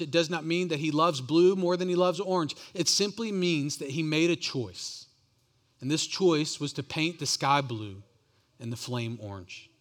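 A man's voice: a little high, fairly bright tone. A man preaching a sermon as pastor, earnest and often repeating words as he builds each point.

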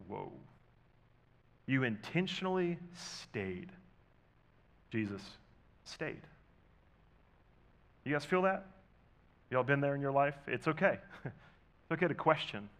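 Man preaching a lively, conversational sermon. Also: mid-range voice, takes it slowly, long pauses. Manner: conversational preaching, rhetorical questions, dynamic swings in volume. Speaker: pastor.

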